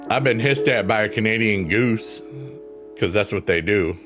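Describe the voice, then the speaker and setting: Over soft background piano, a middle-aged livestream host goofs around, joking as he reads viewers' comments aloud and chats casually. He speaks at a moderate pace in a lowish voice.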